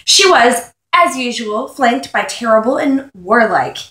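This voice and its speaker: A woman's voice: fairly high pitch, expressive, a little slow, sharp tone. Wry woman reviewing a book in an echoey room. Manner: wry, sarcastic asides. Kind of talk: casual chapter review, reading aloud.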